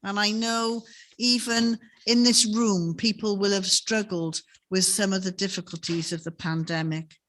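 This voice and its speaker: A woman preaches a sermon in a chapel. Her pitch sits in an ordinary middle range, and she speaks in a gentle, conversational storytelling manner. She often turns to her listeners with tag questions. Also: steady tone, a little slow, slight background noise.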